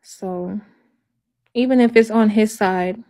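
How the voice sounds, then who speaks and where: A halting, despairing woman livestreaming. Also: medium pitch, mellow. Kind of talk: emotional livestream talk.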